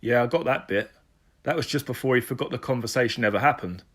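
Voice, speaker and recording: A man's voice: mid-range voice, quick pace, lightly acted. A man voicing a frustrated detective who asks earnest, questioning lines. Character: frustrated male detective, thoughtful and restless.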